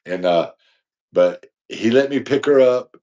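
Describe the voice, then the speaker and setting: A man's voice: mid-range voice, unhurried, warm tone. A man co-hosting a podcast, telling a long, rambling, slangy story in casual chat. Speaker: podcast co-host.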